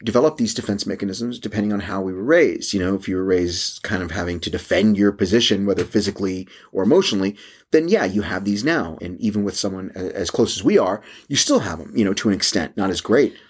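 A man co-hosting a relaxed relationship podcast with his partner, joking and laughing often. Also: on the low side, fast talker, slightly rough. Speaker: podcast co-host. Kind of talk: casual couple's chat.

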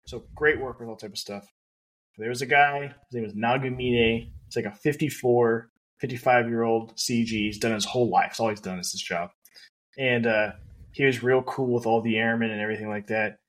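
A man's voice: mid-range voice, brisk. A man co-hosting a podcast, telling a story in a casual way with lots of fillers and laughs. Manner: laughs often, lots of fillers, animated retelling. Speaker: podcast co-host.

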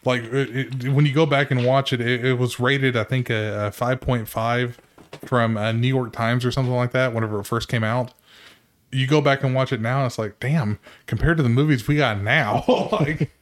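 A man with an ordinary mid-range voice, co-hosting a casual podcast. He talks in a relaxed way, pausing and hedging as he works out his thoughts. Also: medium pitch. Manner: relaxed, hesitant, many fillers. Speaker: podcast co-host. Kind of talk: casual chat.

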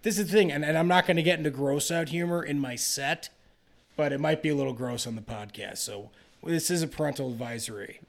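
A man's voice: a little fast, gravelly. Rambling young male podcast host. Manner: rambling storyteller, acts out quotes in a higher voice. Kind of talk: casual podcast chat.

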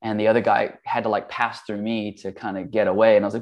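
A man in his forties speaking as an interview guest, his voice low-set and gravelly with a rough fry on the ends of phrases. He tells stories in an easygoing, rambling way, filling his pauses with ums and likes and often restarting a phrase. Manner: relaxed, rambling, with many fillers and restarts. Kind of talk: casual storytelling.

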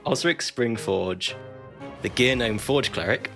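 A man's voice: mid-range voice, animated, takes it slowly, vocal fry, over music. A man playing a cleric on a tabletop podcast, stumbling and laughing at himself. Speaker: player. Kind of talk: casual podcast banter.

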